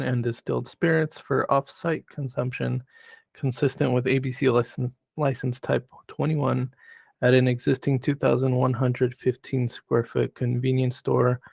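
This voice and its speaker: A man on city planning staff who presents a formal report in a measured way, reading prepared remarks. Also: mid-range voice, gravelly, darkish tone, dry recording. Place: city council chamber.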